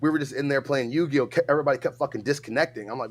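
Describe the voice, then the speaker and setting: A man co-hosting a casual chat, telling stories in an animated way and laughing often. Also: medium pitch, racing. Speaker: co-host.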